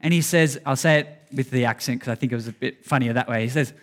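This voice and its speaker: A man's voice: mid-range voice, fast, hardly any pauses. A man preaching a sermon, earnest and conversational, speaking straight to his congregation. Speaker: pastor.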